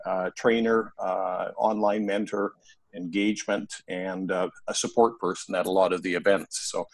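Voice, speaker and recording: A middle-aged man from Canada, a dementia care trainer chatting as a guest on a podcast in a relaxed, drawling way with many pauses. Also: low-pitched. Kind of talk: casual podcast chat.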